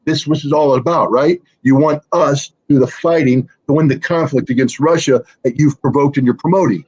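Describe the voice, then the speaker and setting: A man putting on a needy, wheedling president voice. It asks for more and more in a pushy, begging tone. The sound is husky and muffled, like lo-fi stream audio. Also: mid-range voice, brisk, darkish tone, close to an everyday voice. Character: pleading wartime president, middle-aged man.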